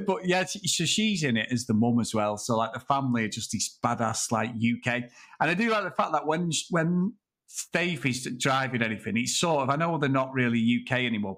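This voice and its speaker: A man's voice: mid-range voice, fairly bright tone. A man in a loose podcast chat about movies, with a mid-range voice. He rambles from point to point, laughs often and drops the odd swear word. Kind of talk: casual film discussion.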